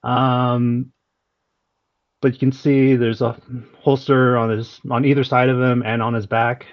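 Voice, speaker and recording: A man's voice: medium pitch, flat delivery, measured pace. Hesitant man describing his character. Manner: hesitant, many uh fillers. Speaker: player. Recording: dull online call audio.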